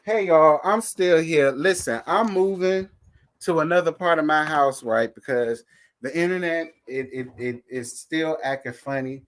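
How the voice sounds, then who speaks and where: A man hosting a casual live review from home, talking in a sassy, animated, gossipy way and calling his viewers y'all and girl. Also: a little high, unhurried. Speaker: host of a reality TV live review show.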